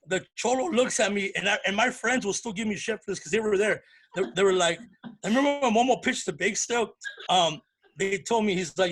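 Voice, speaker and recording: A male comedian guest telling animated stories in a casual interview and acting out the voices of people in his anecdotes. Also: high voice, brisk, husky.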